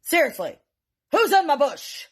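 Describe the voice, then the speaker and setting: A woman's voice: very high voice, little pitch movement, fast, pitched above the performer's own voice. A woman voicing an angry middle-aged father who bellows from his porch. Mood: furious. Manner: bellowing, gruff.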